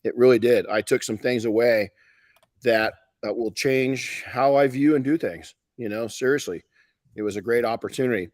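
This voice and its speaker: A man's voice: medium pitch, moderate pace, darkish tone, no echo. Folksy middle-aged man, dry close sound. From Southern California. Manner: rambling, folksy storytelling with many restarts. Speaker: podcast host and detailing educator. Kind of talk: live podcast talk.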